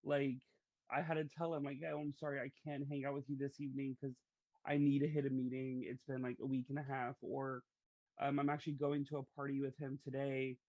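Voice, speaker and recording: A podcast host tells stories in a chatty, casual conversation, leaning on fillers as he goes. His mid-range voice is flat and a little fast, with phone-quality sound and no echo.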